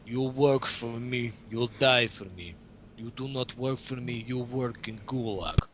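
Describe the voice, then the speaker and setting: A menacing strongman speaks in a put-on mock Russian accent, as a man puts him on in a joking chat. His English is clipped and broken, and his delivery is slow and heavy. The voice underneath is bright. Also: medium pitch, a little hiss or hum, voice pushed up, natural voice. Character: stern Russian strongman personifying communism.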